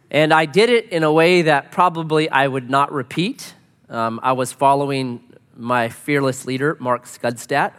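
A man preaching a sermon, telling a story with lively quoted voices. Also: on the high side. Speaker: pastor. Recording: reverberant hall.

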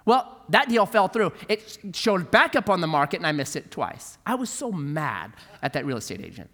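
A middle-aged male pastor preaches a conversational sermon from a church sanctuary, his voice pitched high and bright. He tells stories and plays out the voices in them with big swings of pitch, and the room's long reverb trails after each phrase. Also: normal speed. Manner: animated storytelling, acting out quoted voices. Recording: long reverb of a large hall.

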